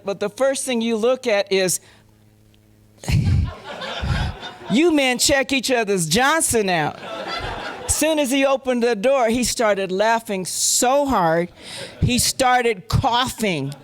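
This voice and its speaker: Older woman, panel guest, comic storytelling, animated, gruff put-on voices. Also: a little high, takes it slowly, pauses often. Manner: animated, swaps into gruff male voices for quotes. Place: convention panel room.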